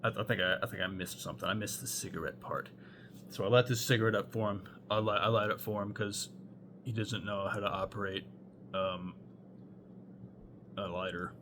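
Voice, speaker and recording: A man's voice: on the low side, fairly even intonation, moderate pace, long pauses, background noise. Rambling young man telling a wild story. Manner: rambling, heavy on fillers and swearing. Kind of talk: casual storytime monologue.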